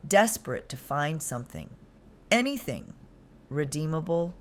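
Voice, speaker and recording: A woman reads a scripted first-person story with heavy drama. Her voice sits low but moves through a wide, lively range. She often sinks into breathy, near-whispered delivery. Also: normal speed, slight background noise. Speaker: narrator.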